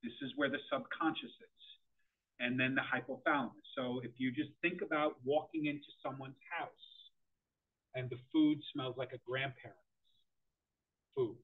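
A middle-aged man presents to a room of parents, firing questions at them in an animated, up-and-down delivery. His voice is a little husky and sits fairly high for a man. The sound is thin and tinny, like a phone line. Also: moderate pace. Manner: animated, quizzes the audience.

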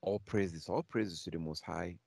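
Man, bible class teacher, low voice, emphatic, repeats phrases, dry recording. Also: gravelly, a little mellow, no echo. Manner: reads scripture aloud slowly.

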